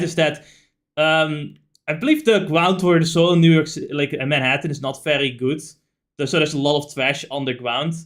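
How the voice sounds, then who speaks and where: Male gaming streamer, fairly high voice, rambling and animated, loose casual chat with lots of "like" and swearing. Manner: rambling, animated storyteller with frequent fillers and swearing. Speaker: streamer playing a video game.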